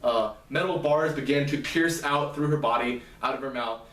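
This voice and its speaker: A man casually retelling a novel's plot as a lecture, halting and restarting often. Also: medium pitch, fairly bright tone. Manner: halting, many fillers and restarts. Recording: roomy, distant mic.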